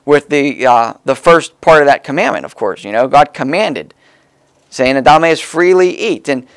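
A man's voice: on the high side, moderate pace, clean tone. A man preaching a sermon in a folksy, conversational way, stressing key words as he explains the text.

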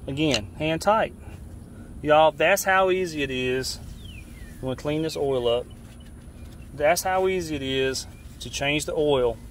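A man from Georgia with a Southern accent, a fishing guide giving a casual step-by-step how-to demonstration outdoors, folksy and relaxed, often restarting his phrases. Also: a little high. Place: outdoors beside a boat. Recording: faint outdoor noise.

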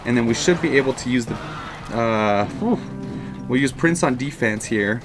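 A man giving live commentary on his own mobile game match, excitable, moving from calm explanation to loud frustrated outbursts. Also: mid-range voice, fairly quick, over music. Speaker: gaming commentator.

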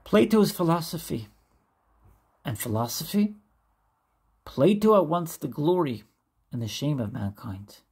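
A woman's voice: sits low, expressive, a little slow, pauses often, darkish tone, breathy edge. A woman reading a classic essay aloud, careful and stumbling now and then over hard names. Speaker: reader.

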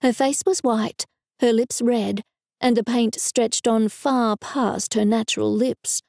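Woman narrator for a cozy mystery, wry and dry, slightly high, gravelly, mellow tone, dry close mic. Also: steady tone, takes it slowly, dry recording. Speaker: audiobook narrator. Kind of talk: first-person novel narration.

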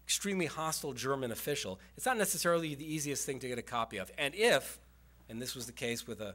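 Male historian, public lecture, conversational explainer, mid-pitched voice. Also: animated, quick pace, pushed and bright. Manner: conversational, explanatory, with fillers and asides. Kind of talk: lecture with slides. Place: community center presentation.

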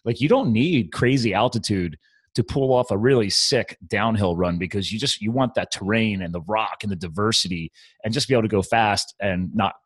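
Low-voiced enthusiastic podcast host. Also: male voice, normal speed, husky, no echo. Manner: enthusiastic, rambling. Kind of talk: casual interview chat.

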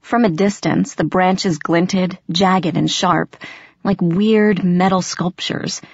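A woman reading a first-person fantasy audiobook in steady, measured storytelling narration. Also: lowish voice, creaky, husky, no echo, highs cut off.

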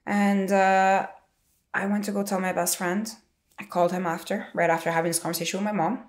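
A woman's voice: medium pitch, level tone, fairly quick. A woman in her twenties telling a personal story in a frank, rambling, conversational way. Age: 20s. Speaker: interviewee sharing a personal story.

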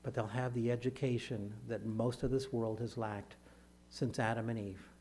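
A man delivering a sermon as a pastor, speaking in measured phrases and lifting his voice when he reads scripture aloud. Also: mid-range voice, steady tone, a little mellow, slight background noise.

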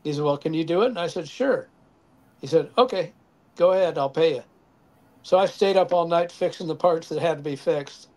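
A man's voice: on the high side, fairly quick. Older man, raised voice, chatty storyteller guest who acts out the quotes. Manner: animated anecdotes with acted quotes and chuckles. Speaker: former band member guest. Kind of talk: casual storytelling interview.

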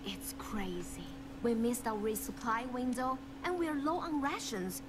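Mei, a gentle young scientist. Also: female voice, a little high, animated, unhurried. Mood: calm. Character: cheerful young female climate scientist. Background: loud score music.

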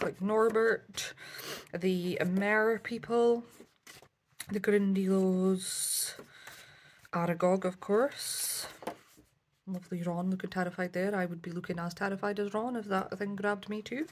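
Lady doing a slow chatty haul video, lowish voice, lots of ums. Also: slight background noise. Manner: chatty, many ums, self-correcting. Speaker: craft vlogger. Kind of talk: casual show-and-tell haul.

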